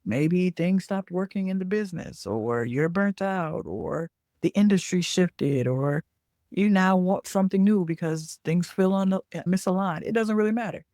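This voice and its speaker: A woman's voice: fairly low pitch, measured pace, mellow, no room sound. Chatty woman with a dry, close sound. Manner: chatty, checks in with frequent "okay?"; corrects herself mid-sentence. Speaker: podcast host and business coach. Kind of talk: casual talk.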